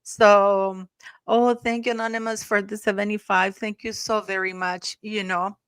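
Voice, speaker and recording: A woman's voice: mid-range voice, level tone, moderate pace, clean tone, dry recording. A woman hosting a casual livestream, rambling and chatty with many restarts, thanking donors effusively. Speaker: livestream host.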